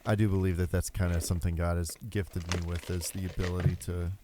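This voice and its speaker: A man's voice: sits low, flat delivery, fast talker, slight background noise. A man hosting a casual interview, mostly listening with short replies. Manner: quiet listener, short backchannels. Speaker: podcast host.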